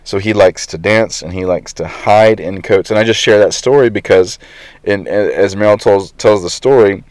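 A man's voice: fairly low pitch, moderate pace, a little mellow, no echo. A man in his thirties, a pastor preaching a conversational sermon with frequent fillers.

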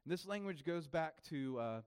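A man's voice: a little high, animated, normal speed, clean tone. A man preaching a sermon as pastor, in a casual, conversational way with frequent fillers and restarts.

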